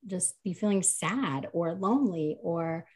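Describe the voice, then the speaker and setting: Earnest lady chatting about parenting, kinda lower voice, lots of um and you know. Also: unhurried, slightly rough. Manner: earnest, animated when telling stories, many fillers. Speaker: podcast co-host, parent of a nonverbal child. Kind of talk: casual conversation.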